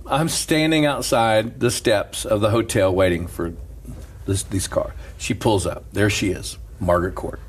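A man's voice: fairly low pitch, unhurried, slightly rough. A male pastor telling a story in casual chat, laughing often and breaking into a preaching cadence. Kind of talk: storytelling sermon-style chat.

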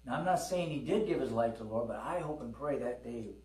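A brisk, slightly mellow, medium-pitched voice with lively intonation belongs to a middle-aged pastor preaching in a church hall. He tells testimony stories folksily and calls out for amens, and the congregation responds. Mains hum and a roomy, distant-mic sound fill the recording.

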